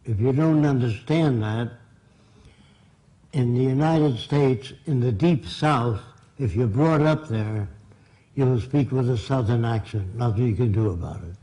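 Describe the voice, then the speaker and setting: A man's voice: medium pitch, a little slow, warm tone, low-quality recording. An older man giving a blunt, emphatic seminar lecture to a live audience. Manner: blunt, emphatic, plain-spoken. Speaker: seminar speaker. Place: seminar room.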